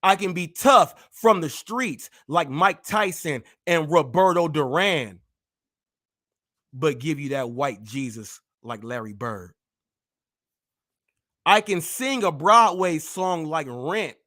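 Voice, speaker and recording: A man hosting a live stream, boasting and trash-talking in rapid-fire wordplay. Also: a little high, expressive, fairly bright tone. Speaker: host.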